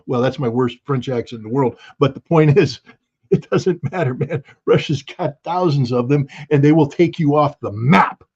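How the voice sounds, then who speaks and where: A man's voice: mid-range voice, normal speed, darkish tone, slightly rough, highs cut off. A man speaking as a guest analyst in an interview, blunt and emphatic, now and then bursting into alarm. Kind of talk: interview commentary.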